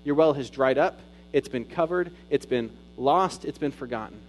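A man preaching a sermon as pastor, rising to loud emphatic peaks and dropping to soft, intimate retelling. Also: mid-range voice, moderate pace, a little hiss or hum, low-quality recording.

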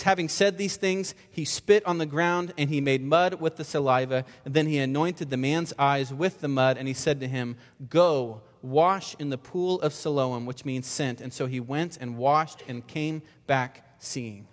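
A man's voice: on the high side, fairly even intonation, moderate pace, hardly any pauses. A male pastor giving an earnest sermon, often repeating words and asking the congregation rhetorical questions. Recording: long reverb of a large hall.

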